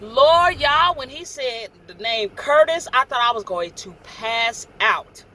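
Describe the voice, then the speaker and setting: A middle-aged woman truck driver telling a story casually, animated and chatty, acting out what people said. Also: on the high side, slow. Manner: chatty, animated, acts out quoted dialogue.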